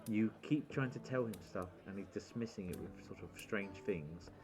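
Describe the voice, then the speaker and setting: A man narrating as game master in a tabletop game, relaxed and hesitant with many fillers. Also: lowish voice, moderate pace, soft background music.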